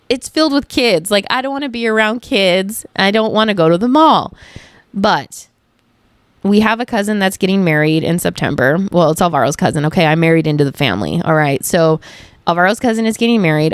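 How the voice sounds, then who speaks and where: Young woman vlogger, casual rambling chat, smooth clear voice, dry close sound, swears freely. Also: on the low side, no echo.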